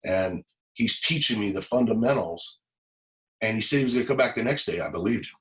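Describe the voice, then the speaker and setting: Low-voiced man telling a halting story. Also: lively intonation, a bit bright, rough recording. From Los Angeles. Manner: halting, repeats words, stammering restarts. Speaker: guest, former police officer. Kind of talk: emotional personal story in an interview.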